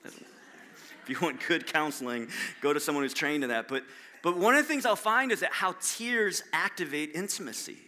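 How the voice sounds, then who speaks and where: A man's voice: a little high, animated, fairly quick, sharp tone. A man preaching a sermon as a pastor, talking in a conversational, self-deprecating way with frequent restarts.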